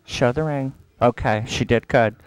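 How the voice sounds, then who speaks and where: A man's voice: mid-range voice, moderate pace, clean tone, no echo. A man interviewing a guest, with playful, campy banter. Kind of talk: casual interview chat.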